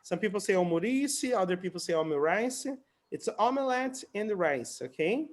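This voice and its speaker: A man with a notably high speaking voice runs a relaxed English conversation class on a video call. He chats and laughs easily and repeats new words over and over for his students. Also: fairly quick. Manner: chatty, laughing, repeats words to teach them. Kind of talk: casual online conversation class.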